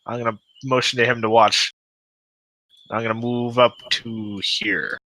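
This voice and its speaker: A man playing a tabletop game, calmly walking through his character's moves step by step. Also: mid-range voice, measured pace, vocal fry, no echo, low-quality recording. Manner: describes actions step by step. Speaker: player. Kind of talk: casual tabletop play.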